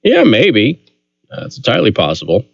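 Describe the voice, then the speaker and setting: A man's voice: medium pitch, wildly swooping pitch, a little fast, gravelly, lo-fi sound. A man hosting a talk radio show, taking calls and joking in a wry, casual way. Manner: wry, joking banter with co-host.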